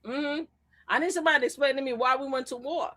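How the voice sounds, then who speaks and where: A woman calling in as a guest on a live stream, talking loud, animated and sassy in casual political chat. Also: sits high, quick pace. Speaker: guest commentator.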